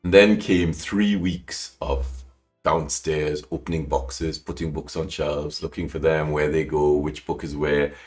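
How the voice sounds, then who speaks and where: Podcast guest: a man with a very low voice, emotional and animated, trails off and restarts often. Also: a little slow, soft background music. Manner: animated, acts out quoted lines with big pitch jumps. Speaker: guest calligrapher. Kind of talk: personal storytelling in a podcast interview.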